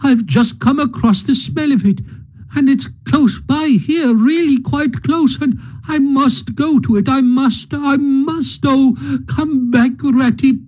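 A man voicing a timid, heartbroken male mole who pleads in a high, soft, tearful voice. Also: takes it slowly. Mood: pleading.

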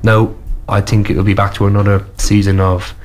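A man hosting a casual football chat, giving measured, opinionated takes. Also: lowish voice, flat delivery.

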